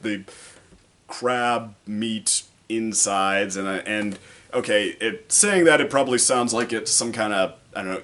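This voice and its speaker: A man's voice: on the low side, a bit bright. A man reviewing an anime episode in a casual vlog, rambling with many fillers and restarts and sometimes mimicking characters.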